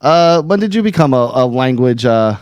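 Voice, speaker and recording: A young man hosting a podcast, joking crudely and laughing at his own dark ideas in casual banter. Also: mid-range voice, expressive, moderate pace, clean tone, dry recording, muffled recording. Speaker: podcast host.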